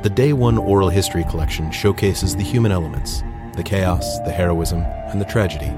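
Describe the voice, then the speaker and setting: Very deep-voiced male announcer over music. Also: a little fast. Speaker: story introducer. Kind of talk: scripted narration.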